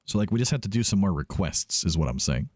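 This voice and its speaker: A man's voice: deep voice, sing-song, fast talker, a little mellow, no echo, studio quality. A man hosting a let's play, giving casual gameplay commentary, chatty and thinking aloud as he often corrects himself.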